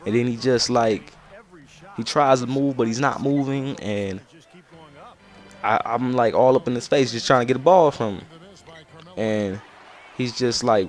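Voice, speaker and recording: A man's voice: medium pitch, moderate pace. Young man, casual gaming commentator telling a rambling story. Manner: loose rambling slangy storytelling. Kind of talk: casual storytelling over gameplay.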